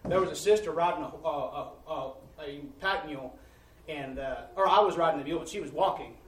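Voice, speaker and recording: Animated preacher telling a story from afar. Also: male voice, fairly high pitch, a little fast, a little hiss or hum. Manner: animated storytelling with laughter and repeated "I said". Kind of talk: sermon testimony. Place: church sanctuary. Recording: roomy church audio from a distance.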